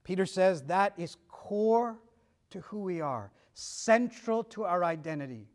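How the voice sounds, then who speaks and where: A man's voice: high-pitched, expressive, measured pace. A middle-aged man preaching, telling stories and acting out dialogue with shifts of pace and volume. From United States. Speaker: pastor. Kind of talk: sermon.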